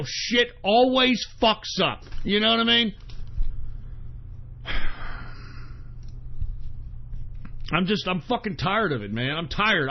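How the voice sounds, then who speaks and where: Exasperated, gravelly high-voiced man ranting. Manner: exasperated, heavy swearing, repeats himself. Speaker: internet radio host. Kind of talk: angry on-air rant. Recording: dull lo-fi stream audio.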